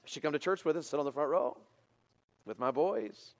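A pastor telling a story in a sermon to teenagers, getting louder and more excited as he goes. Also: on the high side, moderate pace, long reverb tail. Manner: animated, builds to loud excited preaching.

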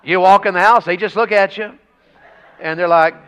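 A man preaching a revival sermon in a church, telling folksy country stories and rising to shouts. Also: high-pitched, steady tone, normal speed, smooth. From rural Tennessee.

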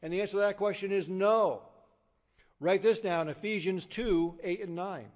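A man preaching an evangelistic sermon, emphatic and storytelling, swinging from loud declarations to hushed low endings. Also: moderate pace.

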